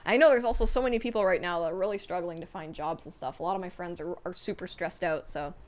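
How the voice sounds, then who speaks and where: Excitable woman streamer, gushing over fan messages, laughs a lot, casual. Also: fairly low pitch, quick pace. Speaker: streamer reading donations and chat. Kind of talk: casual livestream chat.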